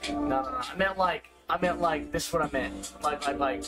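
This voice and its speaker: A young man streaming live, chatting casually and freestyle rapping in a loose, profane, animated way. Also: a little high, fairly quick. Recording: loud music behind the voice.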